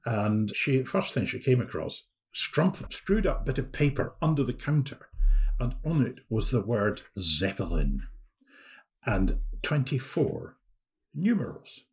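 A man, a historian guest on a podcast, telling a story in a lively anecdotal way with frequent restarts. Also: medium pitch, unhurried, gravelly.

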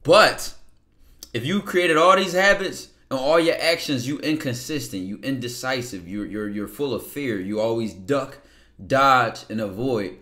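Dude giving a blunt cussing pep talk, bright edgy voice, slangy, does little inner-voice bits. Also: male voice, mid-range voice. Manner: acts out inner voices in quick asides. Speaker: podcast guest. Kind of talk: casual motivational talk.

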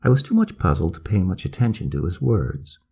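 A man narrates a bedtime story in a measured, expressive way. His voice is deep and dark with a gravelly, husky texture. The pitch moves in lively swings.

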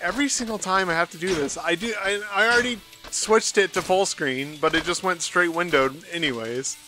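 A man's voice: high voice, fairly quick. A man commentating a video game play-through, frustrated and swearing constantly, while sick. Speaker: gaming streamer. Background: game music.

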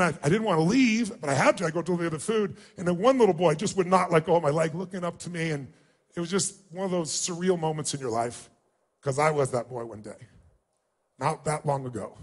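Emphatic male storyteller, high voice. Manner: emphatic, emotional storytelling with acted-out quotes. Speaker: motivational speaker. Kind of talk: personal storytelling speech.

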